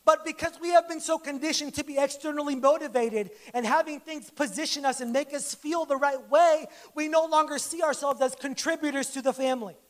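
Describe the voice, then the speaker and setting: A man's voice: very high voice, a little fast, hardly any pauses, fairly bright tone. A man preaching a sermon to his church in a conversational, joking way, acting out little quoted lines. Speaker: pastor. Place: church service.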